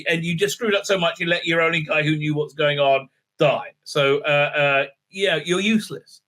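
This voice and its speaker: A man's voice: fairly high pitch, pushed and bright. A man giving a casual, mocking review commentary, full of filler words and restarts. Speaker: TV show reviewer.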